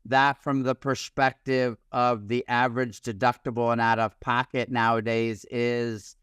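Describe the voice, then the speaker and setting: A man's voice: mid-range voice, little pitch movement, measured pace, a bit bright, clean tone, no room sound, studio quality. A man hosting a podcast interview, thoughtful and conversational. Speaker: podcast host.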